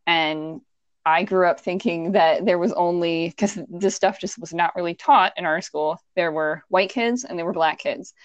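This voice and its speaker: A woman's voice: on the low side, moderate pace, dry recording. Giggly woman with a Virginia accent. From Virginia, USA. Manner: giggly, chatty, rambling with restarts. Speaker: podcast co-host. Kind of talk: casual podcast chat.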